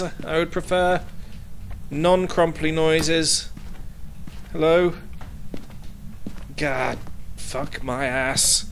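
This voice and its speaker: Young male game streamer, mutters and swears, slow speech, light hiss behind. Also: fairly high pitch, fairly even intonation, fairly bright tone. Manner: jumpy, swears a lot, mutters to himself. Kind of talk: casual gaming commentary.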